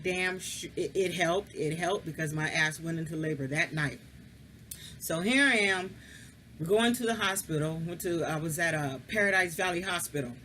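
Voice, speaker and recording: A woman's voice: fairly low pitch, fairly bright tone, slight background noise. A woman casually telling a personal story, frank and candid, swearing freely and confiding straight to the listener.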